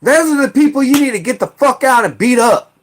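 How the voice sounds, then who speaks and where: Angry high-voiced man ranting. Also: expressive, a little fast, a little hiss or hum. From United States. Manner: heated, profane, shouting bursts. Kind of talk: angry political rant.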